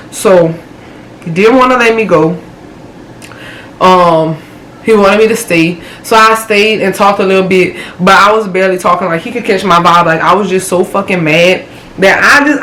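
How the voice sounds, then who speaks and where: A woman's voice: medium pitch, moderate pace, a bit bright, echoey room, a little hiss or hum, poor audio. A young woman, telling a dramatic personal story in a chatty storytime vlog. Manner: chatty, dramatic retelling with lots of fillers. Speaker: vlogger. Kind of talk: casual storytime.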